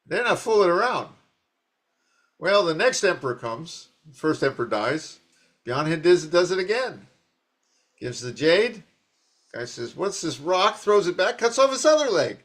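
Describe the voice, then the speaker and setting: Animated, rambling male Zen teacher. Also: a little high, unhurried, pauses often. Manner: rambling, animated storytelling with frequent restarts. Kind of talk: dharma talk.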